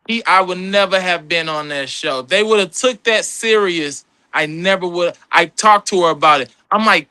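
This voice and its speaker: High, bright-voiced man telling animated stories. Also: clear, resonant tone, no echo. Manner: animated, acts out quoted people in a higher voice. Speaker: guest comedian and actor. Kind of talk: storytelling in a casual podcast chat.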